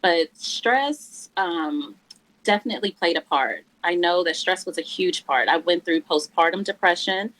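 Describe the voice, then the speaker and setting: A woman in her forties telling her own story as a guest, earnest and halting, her voice catching with emotion. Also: lowish voice, expressive, a bit bright, poor audio. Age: 40s. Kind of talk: candid personal story in a church interview.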